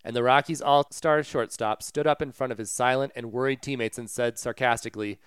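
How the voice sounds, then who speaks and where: This is a man co-hosting a sports podcast in a loose, chatty way. His voice is very clean and smooth. The sound is close and dry, with no room around it. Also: medium pitch, steady tone, fairly quick, fairly bright tone, no echo. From Colorado. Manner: conversational, retells stories with asides and fillers. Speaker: podcast co-host. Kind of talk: casual sports podcast chat.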